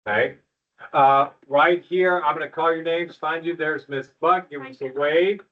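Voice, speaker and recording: A man's voice: fairly high pitch, fairly even intonation, unhurried. A middle-aged man, a school principal, speaks to parents at an evening school meeting in a folksy, joking, reassuring way. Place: school room with an audience. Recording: distant, muffled room recording.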